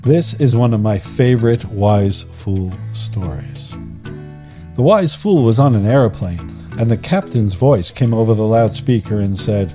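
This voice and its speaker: An older man hosting a podcast on holistic education, speaking in a thoughtful, measured way with slight hesitations and telling stories. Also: on the low side, warm tone, soft background music. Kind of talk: reflective podcast conversation and storytelling.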